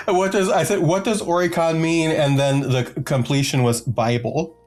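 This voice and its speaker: A male podcast co-host with a fairly high, darkish voice reads through a long list of chart positions at normal speed and with fairly even intonation. He rambles easily, filling gaps with ums and slipping in silly jokes between entries, while faint music plays underneath.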